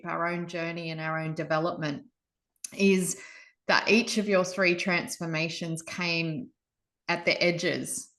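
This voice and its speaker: A woman's voice: lowish voice, fairly bright tone. A woman with an Australian accent hosting an online interview over a video call, asking reflective questions. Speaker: host.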